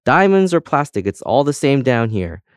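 A man voicing a bossy female tin opener who hands out tickets in a brisk, snappish way. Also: mid-range voice, sing-song, no room sound, studio quality, voice pushed up, close to an everyday voice.

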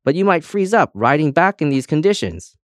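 A man's voice: a little high, big pitch swings, a little fast, no room sound, clean studio sound, pitched above the performer's own voice. A man voicing a cheery, folksy male sheriff made of spectacles, talking in a hearty, jokey drawl.

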